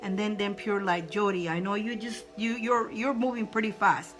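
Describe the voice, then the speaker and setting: A woman's voice: mid-range voice, steady tone, normal speed, over music. A woman hosting live spiritual readings for viewers, emotional and effusive, often laughing and speaking straight to her audience. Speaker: spiritual reader, live-stream host.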